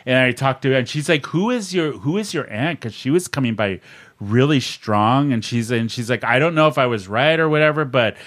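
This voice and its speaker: A man co-hosting a podcast, telling a story in casual chat and acting out the other people's lines. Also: fairly quick. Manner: animated storyteller, mimics others' lines with raised pitch. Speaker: podcast co-host.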